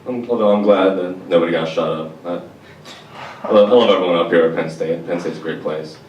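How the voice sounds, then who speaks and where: Deadpan young comic in an echoey room. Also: male voice, low voice, fast, dull audio, slight background noise. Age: young adult. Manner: deadpan, slangy and profane, mocks others in put-on voices. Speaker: stand-up comedian. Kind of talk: stand-up comedy set. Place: college venue with audience laughter. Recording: echoey room, distant mic, loud ambience.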